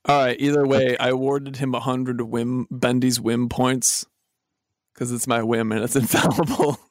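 A man's voice: medium pitch, little pitch movement, normal speed, dry recording, clean studio sound. A man moderating a comedy podcast debate, playful and giggly, drawing out his teasing remarks. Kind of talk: casual comedy podcast chat.

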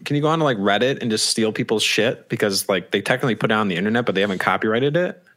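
Male podcast co-host, slightly low voice, rambling and profane banter. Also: very fast, a bit bright. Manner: rambling and joking, swears freely.

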